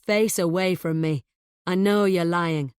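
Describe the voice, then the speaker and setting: A woman's voice: fairly low pitch, fairly even intonation, unhurried, darkish tone, clean tone, no room sound, clean studio sound, lightly acted. A woman voicing a menacing middle-aged man, a cornered killer who sneers and snarls his threats. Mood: sneering menace.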